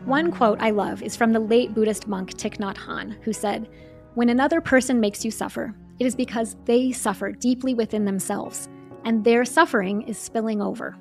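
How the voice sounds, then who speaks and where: A woman hosting a podcast, delivering a calm, earnest scripted monologue in a measured way. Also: fairly high pitch, gravelly, soft background music. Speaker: podcast host.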